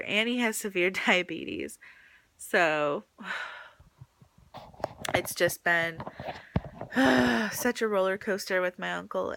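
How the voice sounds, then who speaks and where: A woman's voice: on the low side, gravelly, fairly bright tone, a little hiss or hum. A young woman vlogging to her phone camera in a casual, chatty way, full of likes and ums, a little teary. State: pregnant, teary.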